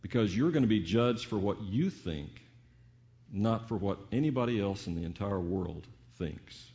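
An older man preaching a sermon with dramatic swings between booming peaks and hushed asides, full of rhetorical questions. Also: lively intonation, moderate pace, dull audio.

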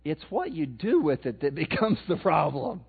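A man preaching a sermon in a notably high voice, chatting with the congregation and throwing questions out to them. The sound is thin and tinny, like it is coming through a phone line. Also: wildly swooping pitch, normal speed, vocal fry, husky. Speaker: pastor.

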